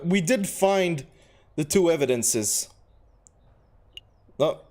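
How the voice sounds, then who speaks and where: A man's voice: mid-range voice, animated, normal speed, long pauses, darkish tone, faint music behind. Chatty man streaming a game. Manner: chatty, thinking aloud. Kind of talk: casual gameplay commentary.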